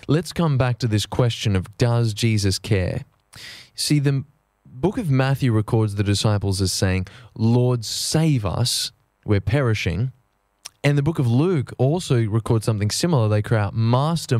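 A man's voice: medium pitch, darkish tone, no echo. Earnest male preacher, dry close sound. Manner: earnest, measured, slows down for emphasis. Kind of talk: sermon.

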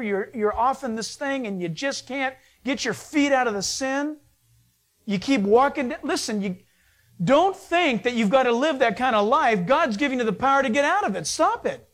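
A male pastor preaching a sermon, animated, voice rising with emphasis and dropping low and quiet at phrase ends. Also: moderate pace. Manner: animated preaching, pitch swings up and down.

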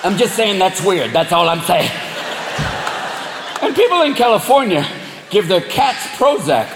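Animated profane stand-up comedian. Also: male voice, high voice, background noise. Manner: profane, animated, rapid voices. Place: comedy club stage. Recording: echoey club with loud crowd laughter.

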